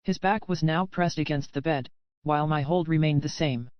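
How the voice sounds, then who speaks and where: Woman narrator, audiobook, smooth clear voice, dry close sound, slightly muffled. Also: low voice, moderate pace, no room sound. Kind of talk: first-person romance audiobook narration.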